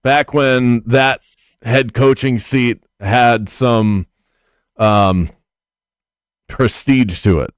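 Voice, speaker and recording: A man's voice: mid-range voice, extremely slow, pauses often, clean tone, no echo, studio quality. A man hosting a sports radio show, opinionated and wry, wandering off into stories. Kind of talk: sports talk radio banter. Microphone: studio microphone.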